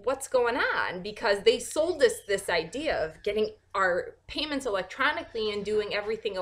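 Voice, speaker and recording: Sarcastic woman ranting to camera. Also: medium pitch. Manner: animated, sarcastic, many fillers and restarts. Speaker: vlogger. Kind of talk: casual ranting monologue.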